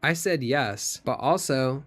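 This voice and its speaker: A man's voice: medium pitch, expressive, takes it slowly, fairly bright tone. Man voicing a combative woman commentator, defiant, mocking, comedic dramatic reading. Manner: defiant, mocking, repeats insults.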